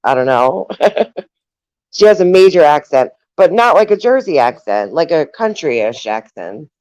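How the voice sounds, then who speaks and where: New york woman hosting a chat, laughs a lot, trails off, smooth voice. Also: low voice, big pitch swings, measured pace, a little mellow, no echo, poor audio. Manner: chatty, laughs often, trails off with fillers. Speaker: host. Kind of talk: casual chat.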